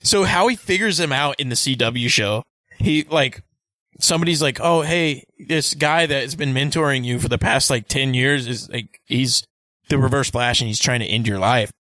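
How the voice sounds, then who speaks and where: A man co-hosting a podcast in casual chat, swearing often and retelling scenes with quick impressions. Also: mid-range voice, no room sound. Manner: animated, profane storytelling with impressions and loud laughs. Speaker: podcast co-host.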